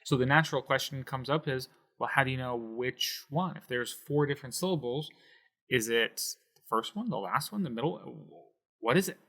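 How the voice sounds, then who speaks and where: A man's voice: mid-range voice, moderate pace, a bit bright. A man teaching a Spanish lesson on video, explaining with emphasis and sounding out words syllable by syllable.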